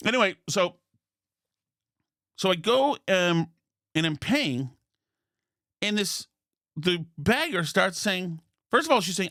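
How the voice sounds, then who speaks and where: Bright, rambling male podcast storyteller. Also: sits high, takes it slowly, pauses often, no room sound, studio quality. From Massachusetts. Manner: rambling, deadpan, incredulous asides. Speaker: podcast host. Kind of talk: comedic storytelling monologue.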